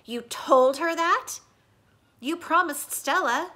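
A gentle, weary silverback gorilla speaks slowly and quietly , as a woman reads his words aloud. His downcast lines come in a bright, clear tone, from the pages of a storybook. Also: on the high side, animated.

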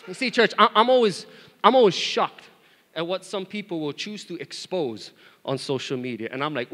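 Animated high-voiced male pastor preaching. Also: fairly quick. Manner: animated and joking, with call-and-response to the congregation. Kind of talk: sermon. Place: church. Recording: reverberant church hall.

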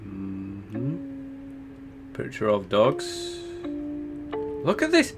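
A man's voice: on the low side, wildly swooping pitch, very slow. A man commentating a horror game playthrough, jumpy and swearing often, with frightened exclamations. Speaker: gameplay commentator. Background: game music.

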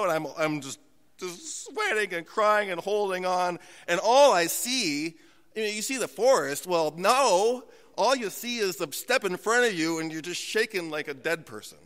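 A man preaching a sermon as pastor from a church pulpit, telling humorous, self-mocking stories and dropping to slow, hushed emphasis. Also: sits high, clear, resonant tone. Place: church sanctuary. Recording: long church hall reverb.

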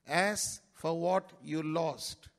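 A male pastor preaching a sermon in a church, breaking into sudden loud rises and dropping into quick, quieter asides. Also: a little high, fairly even intonation. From India.

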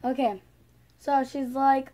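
Higher-voiced young female vlogger, ranting. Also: flat delivery, slow, mellow. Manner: indignant, rambling, talks straight to viewers. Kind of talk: casual vlog rant.

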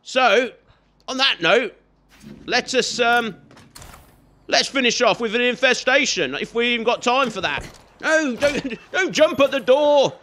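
A man's voice: extremely high pitch, lively intonation, a little slow, sharp tone. A man giving chatty let's play commentary, teasing and scolding the game and its characters as he plays. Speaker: gaming YouTuber.

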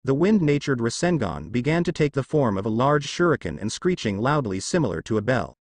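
A man narrates a fanfiction audiobook in steady reading, his pitch moving in a lively way. The sound is dry and close, with no room around it. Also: brisk, no echo.

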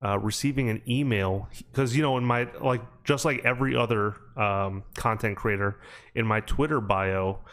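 A man's voice: on the low side, moderate pace, fairly bright tone. A man hosting a podcast, telling stories in a casual, rambling way with plenty of fillers. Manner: rambling storytelling with many fillers. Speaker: podcast host. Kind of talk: casual chat.

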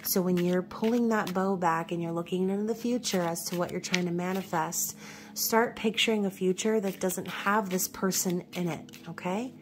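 A woman's voice: on the low side, fairly even intonation, normal speed, a little hiss or hum. A woman from New York giving a casual tarot reading, chatty and reassuring, often checking in with "okay?". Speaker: tarot reader.

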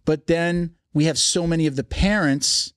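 A man's voice: fairly high pitch, moderate pace, clear, resonant tone, dry recording, studio quality. A man hosting a podcast, chatting casually with lots of restarts and frequent laughter. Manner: rambling, many restarts, laughs often. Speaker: podcast host. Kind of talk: casual interview chat.

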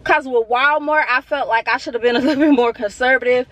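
A woman, chatting excitedly and emotionally in a casual vlog, filmed on a phone held in her hand. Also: high voice, quick pace. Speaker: vlogger. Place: store, then parked car.

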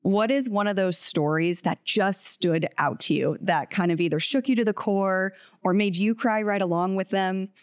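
A woman's voice: medium pitch, moderate pace, few pauses, clear, resonant tone, dry recording. A woman interviewing a podcast host in a recording studio, asking questions in an appreciative, conversational way.

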